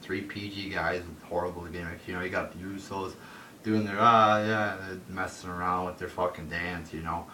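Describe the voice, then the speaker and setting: A man's voice: steady tone, normal speed, bright, forceful tone, distant mic. A man ranting in a solo wrestling review into a phone, profane and rambling with lots of fillers. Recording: roomy echo from off-mic with faint rumble.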